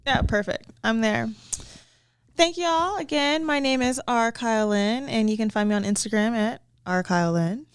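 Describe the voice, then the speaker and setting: A woman co-hosts a casual podcast, her voice smooth and clear. She speaks in a relaxed, reflective way, recorded close and dry with no room sound. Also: fairly high pitch, moderate pace, no room sound. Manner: relaxed, reflective, uses fillers like 'like'. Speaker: podcast co-host. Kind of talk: casual chat.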